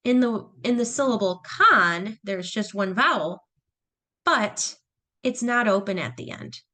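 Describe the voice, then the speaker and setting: A woman's voice: medium pitch, lively intonation, a little slow, sharp tone. A woman teacher explaining phonics patiently, step by step. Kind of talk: phonics lesson narration.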